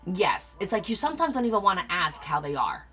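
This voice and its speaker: A woman's voice: lowish voice, huge pitch swings, brisk, pushed and bright, soft background music. A middle-aged woman hosting a crafting livestream, chatting casually with viewers and answering their comments as she tells stories. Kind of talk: casual chat with live viewers.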